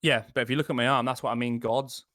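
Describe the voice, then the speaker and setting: A man's voice: mid-range voice, fairly even intonation, fast talker, a bit bright. A man co-hosting a casual podcast chat over whiskey, rambling and blunt with frequent restarts. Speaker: podcast co-host.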